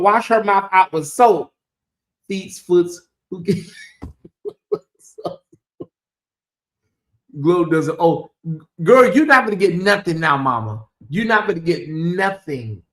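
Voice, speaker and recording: A man's voice: high-pitched, a bit bright. Sassy man hosting gossip in an echoey room. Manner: sassy and chatty, addresses viewers as y'all and honey. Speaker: gossip show host. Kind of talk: casual gossip commentary.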